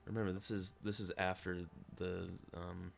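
A man's voice: deep voice, little pitch movement, normal speed, creaky, soft background music. A man playing a video game, casually explaining what he does and defending his choices, humming to himself. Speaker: let's play player. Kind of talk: casual gameplay banter.

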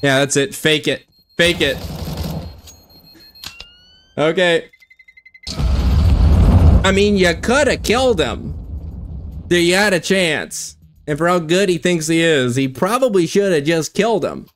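Excitable swearing male game streamer. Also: on the high side, measured pace, long pauses, a little hiss or hum. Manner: excitable, swears a lot, narrates his own play. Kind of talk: live gameplay commentary.

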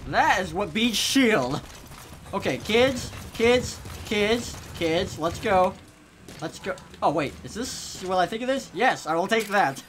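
A gamer narrates their own play in an excitable, swear-laden running commentary that often bursts into yelling. The voice sits in a middle pitch range. The recording carries a steady layer of noise under the game sound. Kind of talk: gameplay commentary.

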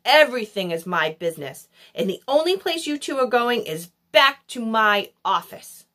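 A woman's voice: fairly high pitch, big pitch swings, moderate pace, pushed and bright. A woman reading aloud and voicing a stern, bossy woman teacher who barks and growls her words. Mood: angry. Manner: barking, demanding.

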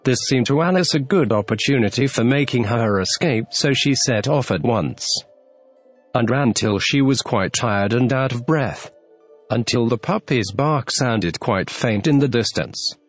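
A man narrating a classic children's story with an expressive, lively reading. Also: mid-range voice, unhurried, faint music behind. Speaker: audiobook narrator.

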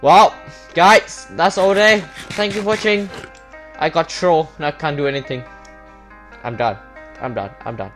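A man's voice: on the high side, a little slow, a bit bright, soft background music. A man giving gameplay commentary, upset and complaining, repeating himself and stumbling over his words. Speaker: Minecraft YouTuber. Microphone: desktop setup with webcam.

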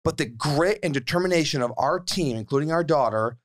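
Animated male podcast co-host. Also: a little fast. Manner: animated, repeats words and restarts, rises in pitch when worked up. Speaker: podcast co-host and youth basketball assistant coach. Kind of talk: casual storytelling chat.

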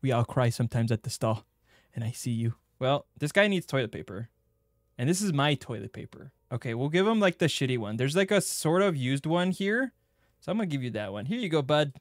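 A young man streaming a game playthrough, joking crudely and bursting into excited yelps. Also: medium pitch, a little fast, no echo, studio quality. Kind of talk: gaming playthrough commentary.

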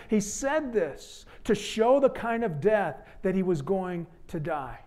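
A man preaching a sermon with a fairly high voice. His delivery is dramatic, dropping to hushed, earnest appeals and rising to loud exclamations. He speaks from a church pulpit. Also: lively intonation, a little slow, few pauses. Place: church sanctuary.

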